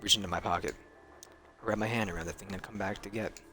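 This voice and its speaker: A man's voice: lowish voice, steady tone, fast talker, pushed and bright, faint music behind. A male streamer reading a story game aloud in earnest, with small slips he corrects as he goes.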